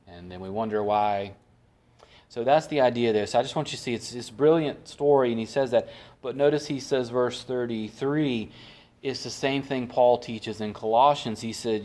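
Man, Bible study teacher, fairly low voice, conversational teaching, asks and answers his own questions. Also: a little mellow. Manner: asks the group questions and answers them himself.

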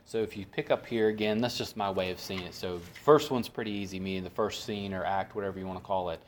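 A man with a somewhat low voice leads a conversational Bible study. He keeps putting questions to his listeners and then answers them himself. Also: quick pace, slight background noise. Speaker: Bible teacher.

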